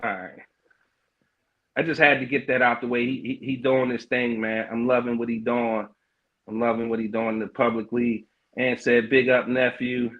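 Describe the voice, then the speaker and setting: A middle-aged man hosts a casual podcast livestream, reading out comments as he goes. He talks loose and hyped, heavy on slang and fillers, and his voice sits at an ordinary middle pitch. The audio is a little dull and lo-fi. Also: level tone, moderate pace. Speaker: podcast host.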